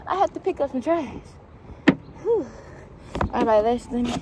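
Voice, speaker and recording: A young woman vlogging outdoors, unboxing on camera, loud and playful and out of breath. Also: high voice, animated, moderate pace. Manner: loud, playful, laughing, talks straight to viewers. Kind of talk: casual unboxing vlog. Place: outdoors in wind. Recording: outdoor phone audio with wind noise.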